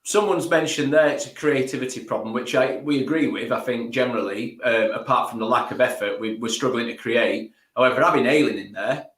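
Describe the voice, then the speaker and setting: A man's voice: medium pitch, fairly quick, hardly any pauses, fairly bright tone. Blunt, sweary man in an echoey room. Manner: blunt and sweary, reads viewer comments. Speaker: fan panellist. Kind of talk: casual football fan chat.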